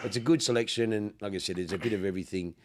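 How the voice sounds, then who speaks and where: Rapid-fire and lowish in pitch, this Melbourne-accented Australian podcast host, who is also a car dealer, chats casually through slangy stories. He swears freely and performs people's quotes as a broad storyteller.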